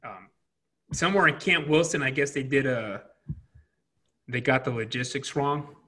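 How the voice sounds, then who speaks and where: A man with a bright, slightly husky voice tells profane stories from his service days. He talks loosely, with plenty of fillers and a laugh at the edges of his words. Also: medium pitch, normal speed. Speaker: Marine veteran interviewer. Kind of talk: casual chat.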